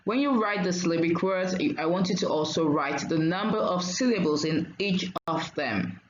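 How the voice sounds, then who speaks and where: A woman teacher giving a diction lesson, saying each word slowly and clearly and repeating it for learners. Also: fairly low pitch, lively intonation, reverberant, muffled recording, slight background noise.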